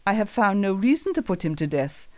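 A woman voicing a troubled male Roman governor in a Bible story reading, measured and questioning. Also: mid-range voice, very animated, no room sound, lightly acted.

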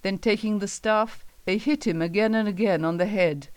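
A woman reading a Bible story aloud as scripted narration, calm and measured. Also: medium pitch, smooth, no echo.

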